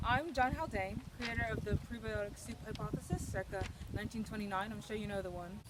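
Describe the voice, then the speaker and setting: A woman's voice: mid-range voice, fairly even intonation, fairly quick, close to an everyday voice. A teenage girl playing a fussy, rambling British male scientist in a homemade comedy sketch, on a noisy recording. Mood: lecturing. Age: late teens. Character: chatty British male scientist, eager to leave. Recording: noisy home video recording.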